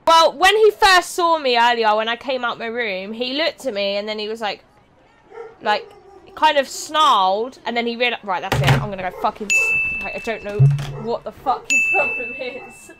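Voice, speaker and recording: A woman commentating a live gaming stream, swearing and yelling excitedly at the game. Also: fairly high pitch, normal speed. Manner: foul-mouthed, excitable, yells at the game. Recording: game music clearly behind.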